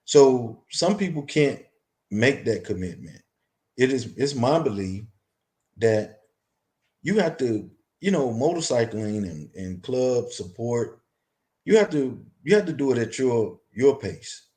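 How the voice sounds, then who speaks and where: A man, a longtime club member, speaking as a guest in a casual interview, measured and halting with frequent restarts. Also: mid-range voice, big pitch swings, a little mellow.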